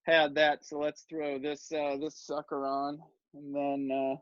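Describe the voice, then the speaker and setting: A man's voice: on the high side, completely flat delivery, unhurried, clear, resonant tone, no room sound, highs cut off. A man talking as a podcast guest over a video call, casual, joking and playful, with lots of fillers. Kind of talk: casual chat.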